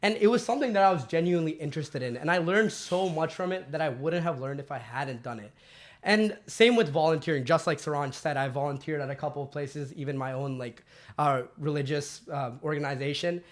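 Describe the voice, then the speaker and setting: A man's voice: on the high side, a little fast. A teenage boy hosting a student podcast, asking questions in a hesitant, filler-heavy way. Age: teens. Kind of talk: casual podcast chat.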